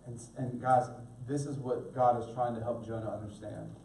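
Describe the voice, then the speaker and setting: A man's voice: medium pitch, fairly even intonation, normal speed, creaky, warm tone, a little hiss or hum. A middle-aged male pastor preaching an earnest sermon, speaking directly to his congregation. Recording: echoey room, mic at a distance.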